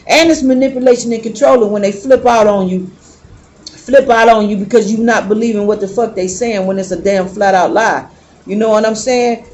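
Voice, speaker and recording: A woman's voice: on the high side, darkish tone. Blunt, profane woman tarot reader. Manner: blunt, emphatic and heavily profane. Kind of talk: casual unscripted monologue.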